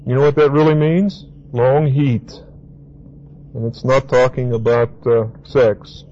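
A male preacher teaching scripture in an emphatic, repetitive way, stressing key words and spelling out terms letter by letter. His voice sits at an ordinary middle pitch. The recording is dull and lo-fi, with a faint hiss underneath. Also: steady tone, measured pace. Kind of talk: Bible teaching sermon.

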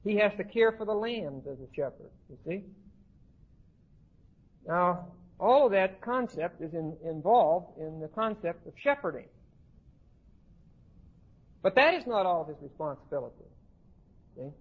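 A man's voice: high-pitched, husky, phone-quality sound. A man teaching a class on the Bible, often checking in with his listeners and restarting his phrases. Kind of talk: classroom lecture on scripture.

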